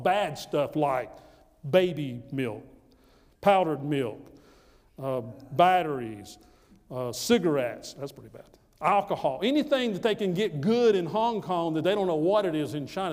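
A man from the United States, pitched a little high for a man, preaching a personal testimony with emphatic, repetitive storytelling. His voice rings out in a hall with a long, lingering reverb. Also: darkish tone. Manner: emphatic, repeats phrases for effect. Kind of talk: storytelling sermon.

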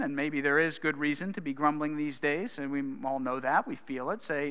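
A man preaching in a church in a bright, forceful voice that sits a bit high. He speaks earnestly and conversationally, asking rhetorical questions, and his voice rings out with long reverb in the hall. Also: moderate pace, few pauses, smooth. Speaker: pastor. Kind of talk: sermon.

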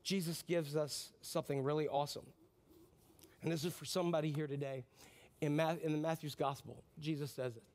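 A man preaching a sermon, animated, swinging from loud bursts to near-whispers and asking the congregation questions that he answers himself. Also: a little high, a little fast. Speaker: pastor.

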